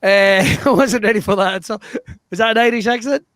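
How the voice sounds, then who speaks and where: A man hosting an improv comedy show over a video call, energetic and laughing through quick banter. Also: high voice, no room sound, clean studio sound. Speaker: host.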